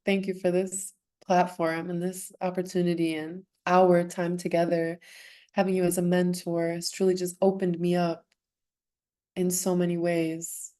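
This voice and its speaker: A woman's voice: on the low side, little pitch movement, a little slow, dark tone. A young woman, a former swimmer, speaking as a podcast guest in an earnest, emotional way, laughing often and restarting her sentences. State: emotional, close to tears. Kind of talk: heartfelt conversational interview.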